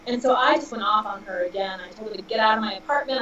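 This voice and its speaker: A woman's voice: fairly high pitch, fast, hardly any pauses. Podcast guest, woman, 30s, emotional storyteller, echoey room, faint background noise. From Southern California. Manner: emotional, animated retelling with laughs. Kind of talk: casual storytelling. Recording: dull, distant, roomy audio.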